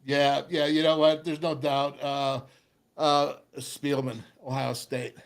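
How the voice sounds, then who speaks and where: A middle-aged man hosting a sports talk show, telling a lively football story and acting out voices. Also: mid-range voice, slow, vocal fry. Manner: animated storyteller, acts out voices, laughs often. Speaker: radio show host, former football player.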